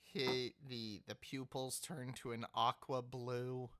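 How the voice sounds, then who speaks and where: A man narrating as game master of a tabletop game, slow and halting, often restarting his words. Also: medium pitch, level tone, noisy background.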